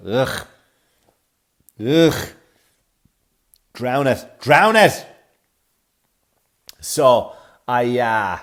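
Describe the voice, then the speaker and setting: A man, a comedy podcast host from Ireland, telling a sarcastic, profane travel story with animated delivery. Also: on the low side. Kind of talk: comic storytelling.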